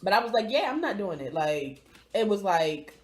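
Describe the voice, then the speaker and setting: A woman's voice: medium pitch, big pitch swings, moderate pace. Chatty cursing woman vlogging. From Baltimore. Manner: chatty, cursing, talks straight to viewers. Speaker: vlog host. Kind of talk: casual chat to camera.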